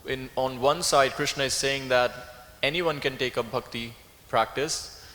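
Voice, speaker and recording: A man's voice: mid-range voice, fairly even intonation, measured pace, pushed and bright, big-room sound. A man speaking at a scripture class, thoughtful and searching for his words as he reasons through a point. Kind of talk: reflective class talk. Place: temple hall.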